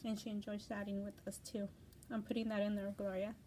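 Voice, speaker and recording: A middle-aged woman hosting a craft channel, chatting casually and excitedly as she unboxes gifts. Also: mid-range voice, a little fast, slight background noise, poor audio. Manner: gushing, excited, gasping exclamations. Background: paper crinkling.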